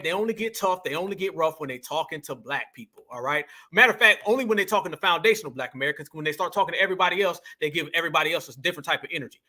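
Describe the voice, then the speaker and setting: A man's voice: sits high, pushed and bright. A man hosting a political commentary show, ranting emphatically in slangy speech and calling his viewers family.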